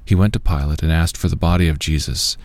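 Deep-voiced man reading scripture solemnly. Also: fast, a little mellow, no echo. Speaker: scripture reader.

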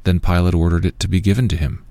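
Deep-voiced man reading scripture solemnly. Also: steady tone, fast, dark tone, no room sound. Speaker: scripture reader.

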